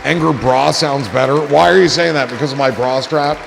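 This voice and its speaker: A man with a mid-range voice hosts a livestream at a fairly quick clip, his casual chatter rambling, crude, jokey, and prone to drifting off mid-thought. Clear music and crowd sounds fill the background.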